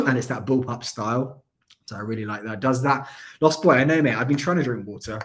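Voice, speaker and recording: Male streamer, mid pitch, casual and apologetic, keeps coughing from a dry throat. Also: a little fast, a bit bright. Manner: chatty, rambling, apologetic. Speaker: airsoft channel host. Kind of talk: casual livestream chat.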